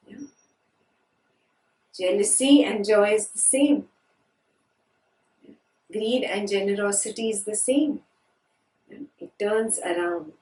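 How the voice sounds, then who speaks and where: A woman's voice: on the high side, darkish tone. A woman teaching a scripture class, asking her students questions and repeating key phrases. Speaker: spiritual teacher. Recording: echoey room from a distance.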